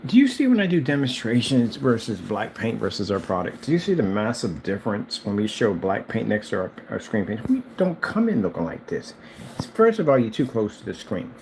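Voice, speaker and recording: A man's voice: fairly low pitch, big pitch swings, brisk, a little mellow, a little hiss or hum, poor audio. A man who sells screen paint, delivering a heated, mocking reaction rant at a rival. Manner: mocking, combative.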